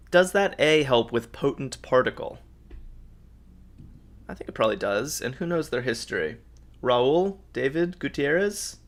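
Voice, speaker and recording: Here a man's mid-range voice carries a fairly bright tone. As host of a live crossword stream, he puzzles out loud in good spirits, chatting with his audience and reading their answers aloud.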